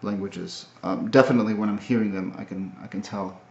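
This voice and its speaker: Low-voiced man in a roomy, dull recording. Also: steady tone, vocal fry, darkish tone, slight background noise. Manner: halting, thoughtful, many fillers and restarts. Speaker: language learner. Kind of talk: casual video recap.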